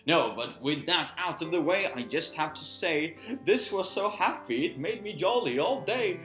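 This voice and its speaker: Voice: medium pitch, lively intonation, moderate pace, a bit bright. A young adult vlogger from Sweden, reciting a poem and then rambling in a playful, self-mocking way, recorded outdoors. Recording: echoey with faint guitar music.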